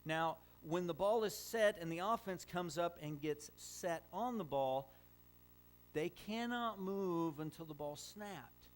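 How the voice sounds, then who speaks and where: A man's voice: on the high side, slow. A middle-aged man preaching a sermon as a pastor, telling stories conversationally with frequent fillers and restarts.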